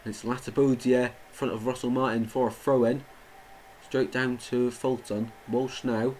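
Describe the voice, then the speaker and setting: A man's voice: mid-range voice, level tone, normal speed, darkish tone, a little hiss or hum, low-quality recording. A young man doing live football watchalong commentary, chatting with viewers and getting indignant at the play. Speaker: watchalong streamer. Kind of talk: live match commentary and chat.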